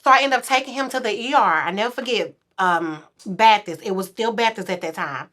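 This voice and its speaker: Bright-voiced woman telling a story animatedly. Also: a little fast. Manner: animated, acts out quotes in a louder, higher voice. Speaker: podcast guest. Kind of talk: casual storytelling chat.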